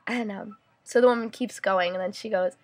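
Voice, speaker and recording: A woman's voice: mid-range voice, fairly even intonation, moderate pace, a little mellow. A young woman vlogger telling a story to her camera in a chatty way, full of fillers and "like"s. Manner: chatty, many fillers and "like"s, indignant rant.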